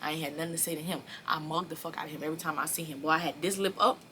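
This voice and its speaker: A woman in her early twenties telling a personal story in a casual, animated and profane way, acting out the dialogue. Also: low-pitched, rapid-fire, slight background noise. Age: early 20s. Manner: animated, blunt and profane, acts out quoted dialogue. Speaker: storyteller vlogger.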